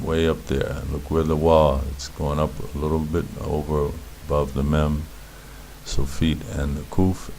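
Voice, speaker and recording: A man's voice: rumbling low, vocal fry, darkish tone, slight background noise. A man teaching beginners Hebrew letters, patiently repeating words and sounds as he explains. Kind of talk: instructional explanation.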